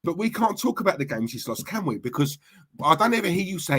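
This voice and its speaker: A man's voice: sits high, very animated, fast, fairly bright tone, breathy edge. A man co-hosting a fan podcast, teasing and mocking his co-host with incredulous banter. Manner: mocking, incredulous, laughs often.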